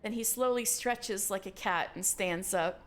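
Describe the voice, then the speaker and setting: A woman streaming a video game live, reading its text aloud in a giggly, excitable way. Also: medium pitch, unhurried.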